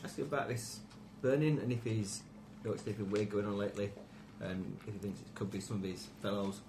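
A man's voice: fairly low pitch, fairly even intonation, fairly quick. A British man playing a tabletop game, blunt and scheming in casual chat. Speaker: player. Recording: noisy home recording.

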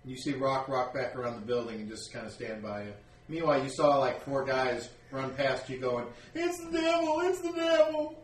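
A man's voice: medium pitch, steady tone, normal speed. A man narrating as game master in a tabletop game, talking casually with lots of fillers, heard in an echoey room from a distant mic.

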